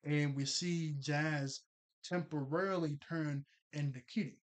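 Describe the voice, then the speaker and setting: A young man with a somewhat high voice reviews a cartoon episode in a relaxed, conversational way. He chats along, laughs often and leans on lots of fillers and restarts. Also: a little slow. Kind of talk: casual episode recap.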